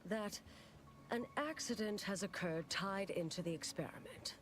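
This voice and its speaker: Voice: mid-range voice, moderate pace, a bit bright, faint music behind, lightly acted. An actor voicing a cool, formal scientist character in a game, speaking with clipped, formal diction.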